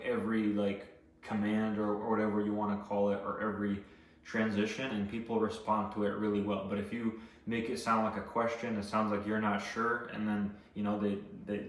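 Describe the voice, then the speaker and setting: A man's voice: lowish voice, slight background noise. A man giving casual sales training, rambling with many fillers and restarts. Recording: echoey room, voice from a distance.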